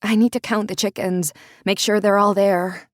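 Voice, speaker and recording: A woman voicing a warm, teasing young woman who talks brightly and calls out across a distance. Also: mid-range voice, normal speed, no echo, studio quality, pitched above the performer's own voice, lightly acted. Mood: lively. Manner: bright and lively, calling out.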